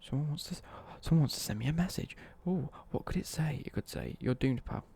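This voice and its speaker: A man's voice: fairly high pitch, lively intonation, quick pace, creaky, mellow, breathy edge. A man live-streaming a football game and chatting cheekily with viewers, reading their messages out and joking back. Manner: cheeky, jokey banter, reads out chat messages.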